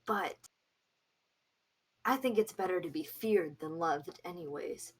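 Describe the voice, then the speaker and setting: A boastful, eager bard, played by a woman, bragging about his talents and hungry for power. His husky voice swoops high and low, and he trips over his words. The voicing is in a tabletop game. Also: lively intonation, measured pace. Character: boastful hornless male tiefling bard, a villain's eager minion. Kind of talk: tabletop role-play voicing.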